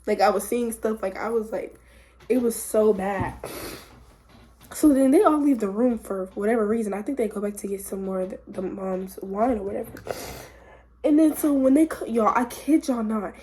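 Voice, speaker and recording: A young woman vlogger telling a story in a casual, rambling, excitable way, full of filler words. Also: medium pitch, moderate pace, a little hiss or hum.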